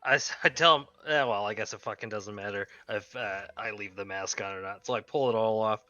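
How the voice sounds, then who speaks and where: A man's voice: lowish voice, fairly quick, pushed and bright, no room sound, dull audio, faint music behind. A man playing a tabletop game, blunt and swearing. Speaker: player. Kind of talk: casual chat at the table.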